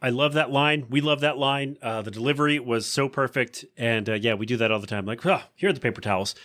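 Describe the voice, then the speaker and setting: A man's voice: medium pitch, steady tone, a little fast, bright, forceful tone. A man hosting a podcast, chatting casually through an episode recap and breaking into funny voices for quoted lines. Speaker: podcast host.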